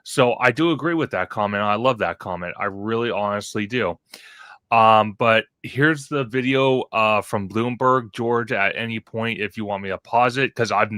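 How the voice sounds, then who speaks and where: A man's voice: fairly low pitch, moderate pace, bright, forceful tone, clear, resonant tone, no room sound. A man co-hosting a casual live stream, chatty with many fillers, reading viewer comments aloud. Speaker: co-host.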